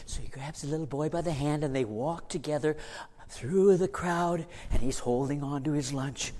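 A man preaching, telling a story in an animated, dramatic way. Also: on the high side, normal speed. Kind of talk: sermon storytelling. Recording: long hall reverb.

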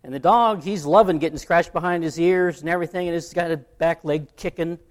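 A man's voice: fairly high pitch, brisk. A man preaching a sermon, telling an illustration story in a conversational way. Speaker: pastor.

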